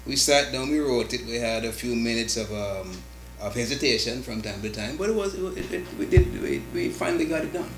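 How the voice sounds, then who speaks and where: A man's voice: mid-range voice, expressive, fairly quick, over music. Jamaican man, studio guest. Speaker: co-writer guest. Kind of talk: interview chat. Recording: echoey studio.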